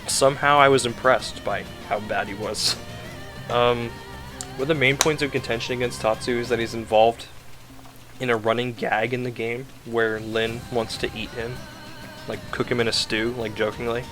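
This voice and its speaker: A man's voice: medium pitch, a bit bright. A man giving a casual, rambling game review, ranting in an exasperated, sarcastic way with lots of fillers.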